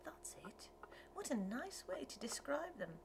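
A woman reading an audiobook, voicing a country woman gardener who answers in crisp, short replies. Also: high-pitched, sing-song, a little slow, background noise, voice pushed up, exaggerated voice. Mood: eager. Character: guarded country woman gardener, grows eager.

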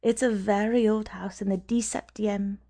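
A reserved, courteous middle-aged gentleman, as a woman reads him. He speaks softly in a mellow, gravelly voice. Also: mid-range voice, steady tone, moderate pace, lightly acted.

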